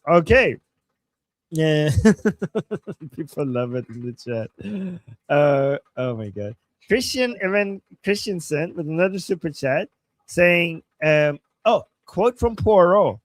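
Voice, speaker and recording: A man from Iran with a fairly high voice chats through viewer messages on a live stream. He laughs easily and often starts over mid-sentence. His voice is recorded close and dry, with no room echo. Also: sing-song, slow. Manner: chatty, laughs easily, many restarts. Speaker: livestream co-host. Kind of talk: casual live-stream chat.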